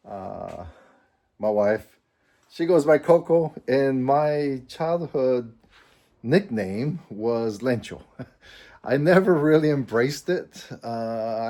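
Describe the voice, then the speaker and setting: A man's voice: medium pitch, warm tone. Chuckling Mexican-born man in his fifties. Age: 50s. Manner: rambling, chuckling, self-deprecating. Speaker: vlogger. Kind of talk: casual personal vlog.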